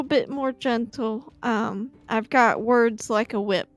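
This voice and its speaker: A woman's voice: on the high side, takes it slowly, few pauses, no room sound, faint music behind. A woman playing in a tabletop game, chatting in an easygoing, drawling way. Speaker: player. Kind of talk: casual game chat.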